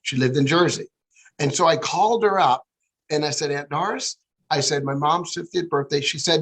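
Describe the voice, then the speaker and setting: A middle-aged man, a guest, telling a personal story with lively acted-out dialogue. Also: a little high, moderate pace, husky, low-quality recording. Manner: animated, acts out quoted dialogue. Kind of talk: storytelling interview.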